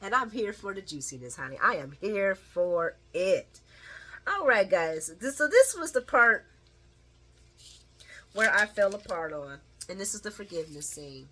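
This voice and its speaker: A woman casually recapping a soap opera episode, chatty and animated, laughing often as she retells scenes. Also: medium pitch, a little slow.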